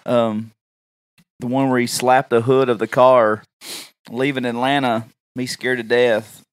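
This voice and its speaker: A man's voice: mid-range voice, level tone, a little slow, clean tone, no room sound, clean studio sound. A man telling stories in a casual chat, rambling and acting out what people said. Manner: rambling, laughing often, acts out quotes.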